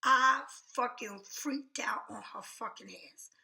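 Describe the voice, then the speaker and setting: High, gravelly-voiced woman ranting. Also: takes it slowly, sharp tone. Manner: angry, blunt, heavy swearing. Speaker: vlogger. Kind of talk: profane storytelling rant.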